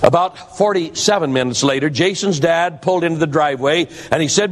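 A man's voice: brisk, hardly any pauses. A man preaching a sermon, telling a story in a dramatic, emphatic way. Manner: dramatic, emphatic, shifts pitch for effect. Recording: long hall reverb.

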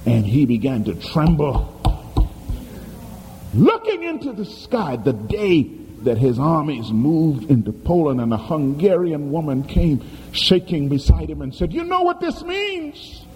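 A man's voice: on the high side, sing-song, measured pace, dark tone, slight background noise. A man preaching a sermon as pastor, dramatic and emphatic, posing questions to the congregation. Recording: echoey hall with faint ambience.

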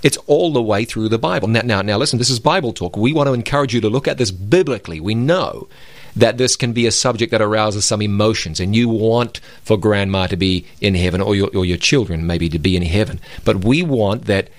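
A man's voice: lowish voice, fairly quick, no echo. Emphatic man preaching from the Bible. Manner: emphatic, persuasive, repeats for stress. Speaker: Bible program co-host. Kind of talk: conversational Bible teaching.

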